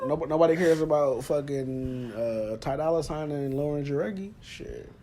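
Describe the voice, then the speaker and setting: A woman's voice: deep voice, moderate pace, mellow. A woman in her thirties co-hosting a podcast, talking casually in blunt, profane, laughing banter. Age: 30s. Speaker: podcast co-host. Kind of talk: casual chat.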